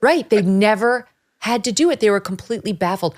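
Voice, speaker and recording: A middle-aged woman from upstate New York hosting a talk show, animated and emphatic, laughing as she talks. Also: mid-range voice, a little fast. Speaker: host. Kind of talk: casual conversational commentary.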